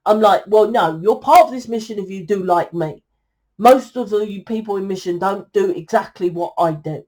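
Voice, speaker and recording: A woman's voice: mid-range voice, moderate pace, dark tone. A woman giving a tarot reading to her viewers, blunt and exasperated, scolding them and swearing freely. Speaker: tarot reader.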